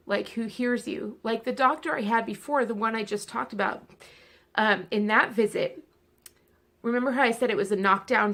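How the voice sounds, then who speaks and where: A woman's voice: fairly high pitch, fairly bright tone. Woman vlogger, casual chat to camera, candid and chatty, in pain and fidgety. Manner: candid, chatty, speeding up and slowing down.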